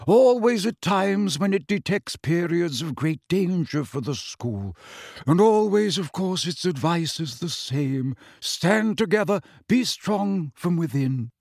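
A man's voice: sits high, expressive, takes it slowly, gravelly, a little mellow, no echo, studio quality, pitched above the performer's own voice, heavily acted. A man voicing a fussy, easily offended old male ghost nobleman in a storybook reading. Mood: explaining. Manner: prim, reproving, affronted.

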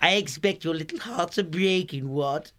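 A man's voice: sits high, expressive, unhurried, bright, forceful tone, pitched above the performer's own voice, full character voice. A man voicing a vain, greedy young male hare with a plummy, boastful, whining manner in an audiobook. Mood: mocking. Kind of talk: audiobook character voice.

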